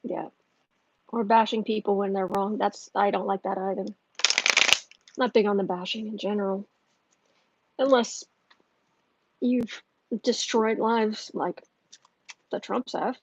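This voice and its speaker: A woman's voice: medium pitch, steady tone, unhurried, long pauses, lo-fi sound, very noisy. A woman hosting a livestream tarot reading, heated and ranting, often restarting her sentences. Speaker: tarot reader and channel host.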